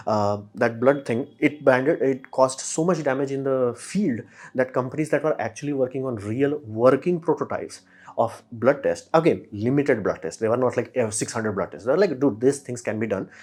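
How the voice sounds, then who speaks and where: Slangy man hosting a commentary. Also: mid-range voice. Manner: animated, asks the listener questions, slangy asides. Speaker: host. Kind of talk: casual commentary monologue.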